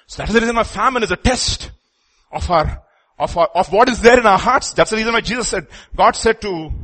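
A man's voice: high voice, fairly bright tone, breathy edge. A man preaching a sermon to his congregation, with emphatic outbursts. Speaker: pastor.

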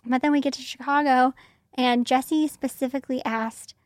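Young woman telling a story, flat tone. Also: high voice, moderate pace, no echo, clean studio sound. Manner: conversational, frequent "like" fillers. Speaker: interview guest. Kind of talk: casual storytelling.

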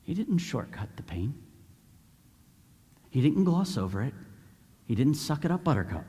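A man preaching a sermon in an animated way, acting out the voices of the people in the story. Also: medium pitch, normal speed, long reverb tail. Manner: animated, acts out voices of Bible figures.

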